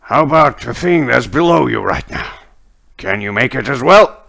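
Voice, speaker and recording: A man's voice: mid-range voice, lively intonation, normal speed, creaky, fairly bright tone. A man voicing a stern male warrior who warns a witch in a dry, mocking way. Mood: sardonic.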